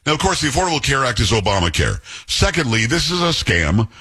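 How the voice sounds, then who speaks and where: Male talk radio host: bright, slightly husky tone, chatty and exasperated. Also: mid-range voice, big pitch swings, quick pace. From Texas. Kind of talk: casual talk radio monologue.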